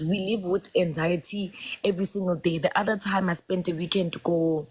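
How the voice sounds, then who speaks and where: Chatty woman, husky voice. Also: fairly low pitch, normal speed. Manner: chatty and expressive, mixing local words into English. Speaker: co-host of a live chat show. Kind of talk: casual chat.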